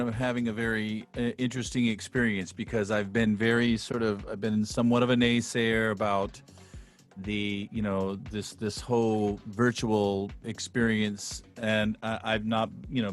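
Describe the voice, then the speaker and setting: A man on a video call who talks in a halting, heartfelt way with a radio DJ flair. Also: fairly low pitch, level tone, soft background music. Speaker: guest. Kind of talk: casual chat on a video call.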